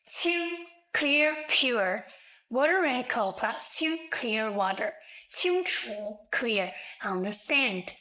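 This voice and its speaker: A woman narrating a scripted language lesson, explaining slowly, clearly and deliberately. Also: on the high side, lively intonation, sharp tone, poor audio. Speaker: language teacher.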